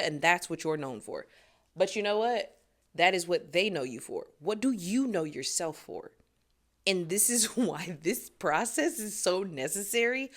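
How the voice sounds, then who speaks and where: A young woman singer talking casually to her viewers, recorded on her phone, laughing often as she reflects. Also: on the low side. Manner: animated, laughs often, talks to viewers directly. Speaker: singer and vlogger. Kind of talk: casual reflective vlog to camera.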